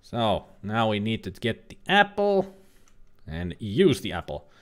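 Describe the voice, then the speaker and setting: A man's voice: fairly low pitch, wildly swooping pitch, unhurried, a bit bright. A man giving casual, rambling let's-play commentary as a streamer, joking and now and then swearing. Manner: chatty, rambling, jokey, occasional swearing.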